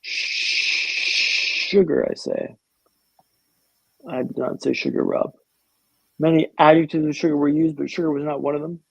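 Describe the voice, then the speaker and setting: Husky high-voiced man telling a story. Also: little pitch movement, a little mellow, dry recording, poor audio. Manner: vivid, humorous storytelling with dramatic pauses. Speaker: podcast guest. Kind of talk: storytelling in a podcast interview.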